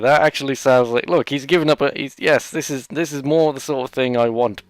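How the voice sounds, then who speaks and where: A man at a mid pitch talks over his gameplay with a rambling, sarcastic humor and keeps tossing in jokey asides. His voice sits close and dry on the mic, with no room sound at all. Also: fairly quick, smooth, no echo. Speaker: let's play host. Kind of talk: gameplay commentary.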